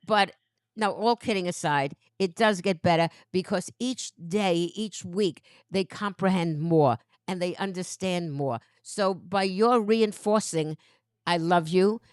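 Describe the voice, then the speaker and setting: A woman's voice: on the low side, measured pace, clean tone, no echo, clean studio sound. A woman in her nineties giving patient, motherly advice in a casual chat. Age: 90s. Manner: motherly, patient, gently instructive.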